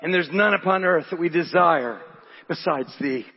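A man's voice: on the high side, moderate pace, husky. A man preaching a sermon as pastor, impassioned and often laughing. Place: church. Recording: dull echoing hall sound.

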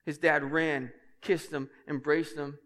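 A male pastor delivers a sermon with passion, pushing his emphasis higher and louder, then dropping into easy asides with the congregation. His voice sits a little high for a man. The sound rings with the long reverb of a church hall. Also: level tone, measured pace. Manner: passionate, emphatic preaching that climbs in pitch and volume.

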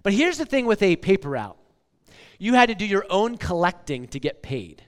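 A man's voice: high-pitched, sing-song, moderate pace, clean tone. A man in his forties preaching a casual, conversational sermon, often checking in with "okay?" and "like.". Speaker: pastor. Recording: long hall reverb.

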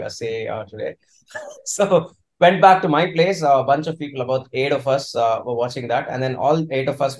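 A man's voice: mid-range voice, rough recording. A man in his thirties from India, co-hosting a podcast in casual chat, joking and often restarting his words. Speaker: podcast co-host.

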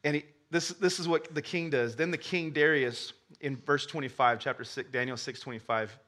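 A man preaching a sermon as pastor, telling a story with lively acted-out voices and frequent restarts. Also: fairly high pitch, normal speed, hardly any pauses. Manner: animated storytelling, acts out characters, laughs with the crowd; stammers when starting sentences.

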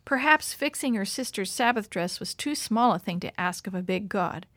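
A woman storyteller reading a children's story aloud in an expressive, animated way. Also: mid-range voice, moderate pace, no echo.

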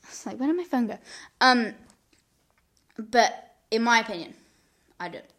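A woman's voice: fairly high pitch, animated, unhurried, a bit bright. A young woman hosting a podcast, giving earnest advice in casual chat, with lots of restarts and repeated words.

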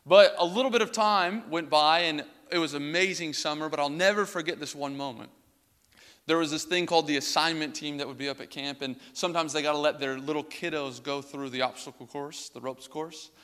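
A man's voice: fairly high pitch, fairly quick, fairly bright tone, clean tone. A young man preaching a sermon, telling a personal story in a casual way with many filler words. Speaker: pastor. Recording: reverberant hall.

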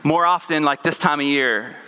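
Earnest high-voiced man preaching. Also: moderate pace, bright, forceful tone, a little hiss or hum. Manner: earnest, with frequent restarts and rhetorical questions. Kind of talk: conversational sermon.

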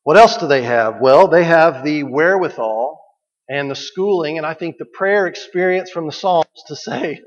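A man's voice: a little high, normal speed. A man preaching a sermon in a conversational way, asking the listeners questions and repeating key phrases. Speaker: pastor. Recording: dull recording with long hall reverb.

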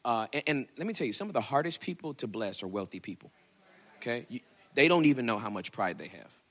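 A man preaching a sermon, telling a story with animated delivery and acting out quotes in a raised voice. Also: quick pace. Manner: animated, acts out quotes with big pitch jumps. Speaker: pastor.

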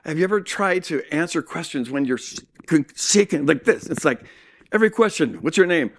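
A man telling a personal story in a sermon, animated and acting out what people said. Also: a little high, a little fast. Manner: animated storytelling with acted-out quotes. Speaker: speaker.

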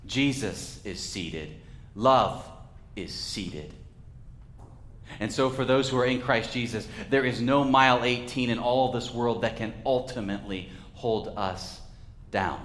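A male pastor preaching a sermon in a church, with a measured, reflective delivery and dramatic pauses. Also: medium pitch, expressive, fairly bright tone, reverberant.

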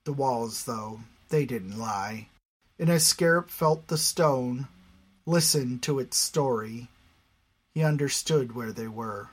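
A man narrating a fantasy story in a measured, even storytelling manner. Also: medium pitch, breathy edge. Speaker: audiobook narrator.

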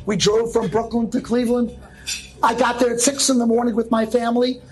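High-voiced man telling a funny story. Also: a little fast, rough recording. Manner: humorous, lively storyteller, often laughing. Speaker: rabbi. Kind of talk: storytelling monologue.

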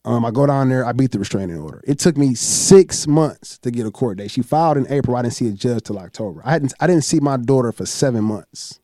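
A man, host of a chat show, telling a long story in a profane, animated way and acting out what others said. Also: medium pitch, fairly quick, hardly any pauses, dry recording, studio quality. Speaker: podcast host.

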